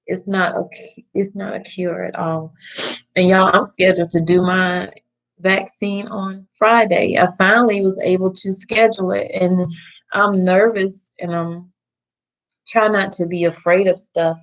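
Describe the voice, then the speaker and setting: A woman in her forties hosting a casual livestream, talking directly to her viewers with many pauses and fillers. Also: mid-range voice, flat delivery, poor audio. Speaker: livestream host.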